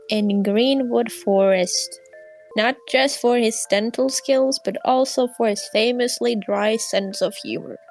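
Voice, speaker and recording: A woman's voice: a little high, creaky, rough recording. Giggly woman reading a bedtime story. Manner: giggly and a little shy, soft-spoken. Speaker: storybook reader.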